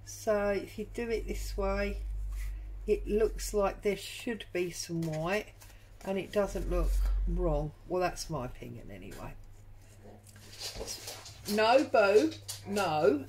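A woman's voice: fairly low pitch, expressive, measured pace, a little mellow, slight background noise, rough recording. A woman hosting a crafting tutorial from her home craft room, chatting and thinking aloud as she works. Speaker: junk journal crafter and channel host.

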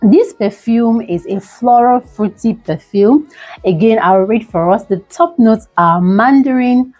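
A young Nigerian woman gushes through a product review vlog, dramatic and full of repeated pleas. Her voice is mellow and a little breathy, with faint music playing underneath. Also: on the high side, a little slow, rough recording. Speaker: beauty vlogger. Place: indoors by a window.

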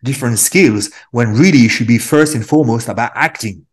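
A man with a French accent, an actor, talking through an interview in an animated, rambling way and repeating words as he goes. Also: medium pitch, a little fast. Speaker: actor guest. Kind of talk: casual interview chat.

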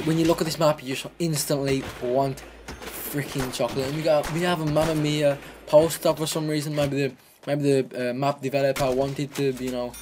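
A young man talks through his gameplay in a loose, rambling way, doubling back on his words as he goes. His voice sits at an ordinary middle pitch. Gunfire and game noise run clearly behind him. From Britain. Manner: chatty, rambling, repeats words and restarts. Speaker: gaming commentator. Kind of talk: casual gameplay commentary.

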